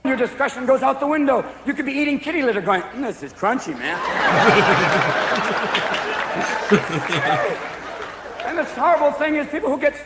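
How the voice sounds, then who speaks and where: A stand-up comedian tears through a manic routine, jumping from one voice to another. His very high voice is expressive and unhurried, with frequent pauses, captured in an echoey stage recording full of loud crowd laughter and noise.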